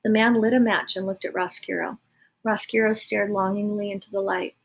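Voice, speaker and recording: Breathy woman reading a book aloud. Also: mid-range voice, fairly even intonation, fairly quick. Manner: chatty asides, self-correcting. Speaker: reader.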